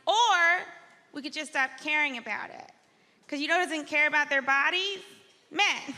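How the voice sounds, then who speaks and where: Woman, stand-up comic, high voice, deadpan delivery, clear audience noise. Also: normal speed. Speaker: stand-up comedian. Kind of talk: stand-up set.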